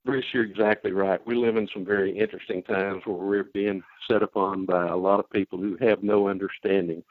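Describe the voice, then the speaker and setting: An older man, a hunting expert, telling folksy stories in a relaxed podcast conversation. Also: low voice. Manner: folksy storyteller, relaxed and unhurried. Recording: tinny phone-like line, dry.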